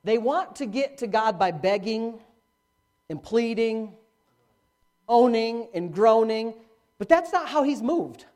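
A middle-aged male pastor preaching a sermon, with dramatic swings from hushed to loud. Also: slow, pauses often. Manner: animated preaching with dramatic swings in pitch and volume. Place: church, live-streamed.

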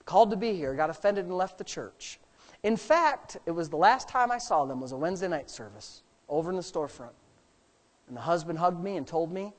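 A man preaching a sermon as a pastor, animated and sarcastic, swinging between loud, high bursts and quiet asides. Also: moderate pace.

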